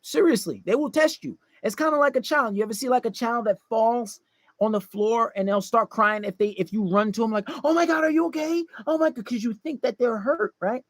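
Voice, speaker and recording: A man's voice: high-pitched, moderate pace, dry recording. A man giving dating advice in a casual livestream monologue, blunt and profane, lecturing and acting out quoted voices.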